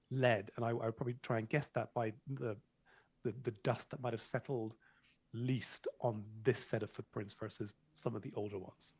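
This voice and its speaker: Man, tabletop player, theatrical and jokey, mid pitch, dry recording. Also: no room sound. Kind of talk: tabletop role-play chat.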